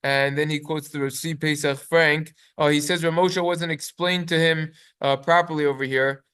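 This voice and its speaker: A rabbi with a male voice on the high side, a bit bright and clean in tone, teaches a halachic class with fairly even intonation. He moves quickly, reading sources in Hebrew and translating them amid many fillers.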